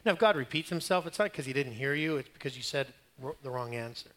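Bright, lively male preacher. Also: medium pitch, fast talker. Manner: animated storytelling, acting out quotes, rising loud at climaxes; conversational and humorous. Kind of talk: sermon.

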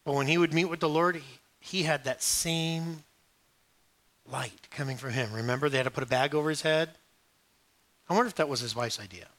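A middle-aged male pastor preaching a sermon, joking and storytelling with sudden hushed asides. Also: on the high side, brisk, long pauses.

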